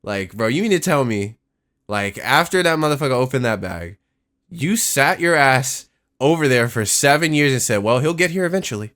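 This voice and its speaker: A young man giving casual, excitable reaction commentary, profane and slangy. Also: mid-range voice, normal speed. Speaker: reaction video host. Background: song playing faintly.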